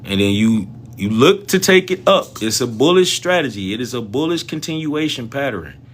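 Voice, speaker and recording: Animated slangy man hosting a trading livestream. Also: mid-range voice, normal speed, a little hiss or hum. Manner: animated, slangy, talks straight to viewers. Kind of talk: casual livestream chat about stock trading.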